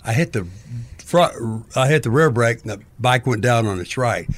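A man's voice: medium pitch, animated, moderate pace. An older man, a book author as guest, talking in a playful, theatrical, rambling way. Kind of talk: rambling interview talk.

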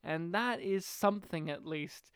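A man with a slightly high, clean voice speaks unhurriedly while co-hosting a movie-review podcast. Casual and animated, he swears freely and performs lines from the film. The studio recording is dry and clean.

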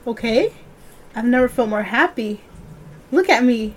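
A woman's voice: on the high side, lively intonation, unhurried, a little hiss or hum. A woman reading aloud the lines of a disfigured teenage boy who has gone mad with glee. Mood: gleeful. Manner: read aloud plainly from a story.

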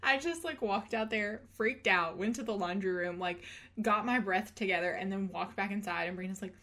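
A woman's voice: mid-range voice, fairly quick, fairly bright tone. A woman in her twenties hosts a casual podcast chat in a mid-range voice. She tells her story animatedly, laughing often and slipping into the voices of the people she quotes. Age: 20s. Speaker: podcast host.

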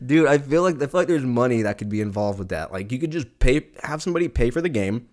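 A man's voice: medium pitch, expressive, quick pace, a little mellow. A man hosting his own podcast, chatting casually in a rambling, profane way and laughing often as he goes. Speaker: podcast host. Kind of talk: casual solo podcast rant. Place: lives in Texas.

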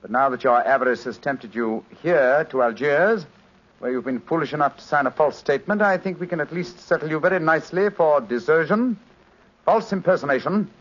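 An actor playing a calm, brilliant male detective who explains things precisely, in 1940s radio acting. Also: a little high, fairly quick. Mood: cool. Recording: muffled 1940s radio recording.

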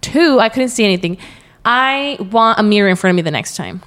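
A woman's voice: medium pitch, expressive, a little fast, fairly bright tone. A young adult woman chatting as a podcast guest, telling a story with lots of quoted asides and frequent laughter. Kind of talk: casual interview chat.

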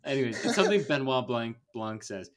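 On a podcast, a young man co-host talks briskly in a mid-range, very animated voice. He chats casually, joking around and teasing his friends in playful banter.

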